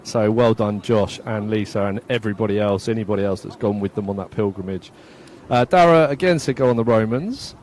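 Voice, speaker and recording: A man's voice: on the low side, fairly quick, hardly any pauses, darkish tone, a little hiss or hum. A man from England giving casual, self-mocking live commentary at an outdoor football match, laughing often and reading out viewer comments.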